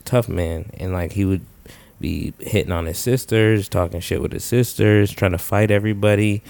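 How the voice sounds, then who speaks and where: Low voiced guy just chatting, laying out his point slow and steady. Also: vocal fry, no room sound. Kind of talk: casual chat.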